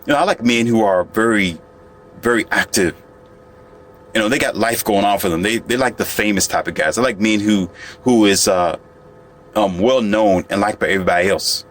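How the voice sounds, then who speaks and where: A man's voice: lowish voice, normal speed, fairly bright tone, a little hiss or hum, lightly acted. A man mimicking a haughty dismissive young woman. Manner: mocking, condescending taunts.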